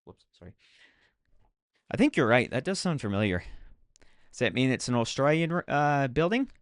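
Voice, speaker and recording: A man's voice: mid-range voice, no room sound, clean studio sound. A man streaming a video game, chatting casually and mocking himself as he plays. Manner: chatty, self-mocking, talks to himself while playing. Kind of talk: casual gameplay commentary.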